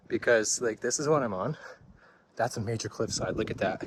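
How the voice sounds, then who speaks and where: Excitable young man vlogging a hike. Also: mid-range voice, moderate pace, long pauses. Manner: excitable, slangy, laughs often. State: out of breath. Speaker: hiking vlogger. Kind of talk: outdoor vlog commentary. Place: outdoors on a hiking trail by a waterfall. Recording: noisy outdoor recording.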